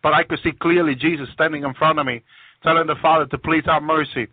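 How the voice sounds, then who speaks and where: A man's voice: on the high side, fairly even intonation, fast, no echo. A man giving a fervent religious testimony of his visions, often repeating words as he restarts. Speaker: guest sharing visions on a religious program. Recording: tinny phone-line audio, dry.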